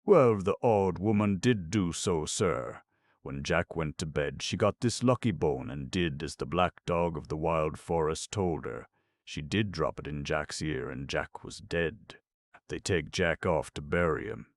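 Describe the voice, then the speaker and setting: A man reading folk tales and scholarly notes for an audiobook, steady and plain. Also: very deep voice, a little slow, no room sound. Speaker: audiobook narrator.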